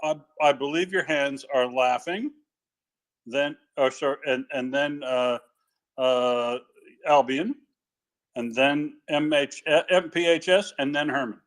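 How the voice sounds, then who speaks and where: A man's voice: fairly high pitch, measured pace. A man co-hosting a casual live audio chat, joking and playful. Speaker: co-host.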